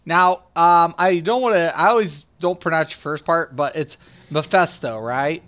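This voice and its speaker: A man's voice: fairly high pitch, moderate pace, fairly bright tone. A man from Ohio, casually chatting on a livestream while he plays a game, rambling and joking as he reads chat aloud. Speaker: streamer.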